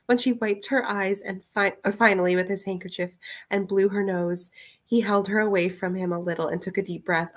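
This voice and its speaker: Woman podcast co-host, casual read-aloud, giggly asides, mid-pitched voice. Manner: giggly, chatty, animated asides.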